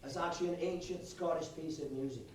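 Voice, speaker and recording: A man doing loud stand-up comedy, bantering brashly with a live audience. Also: on the high side, fairly even intonation, fast talker. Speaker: stage comedian. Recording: echoey live venue, distant mic, crowd noise.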